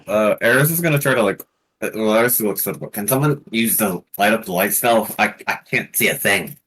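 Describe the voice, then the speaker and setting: A man's voice: on the low side, brisk, fairly bright tone, slightly rough. A man taking part as a player in a tabletop role-playing game, talking loosely and hesitantly. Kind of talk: casual tabletop game talk.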